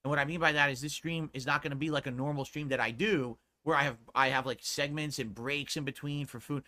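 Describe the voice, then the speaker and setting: A man streaming live, talking casually and bluntly to his chat in a laid-back way, with a sore throat and a lower voice than usual. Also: steady tone, quick pace, pushed and bright. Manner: blunt and profane when scolding chat.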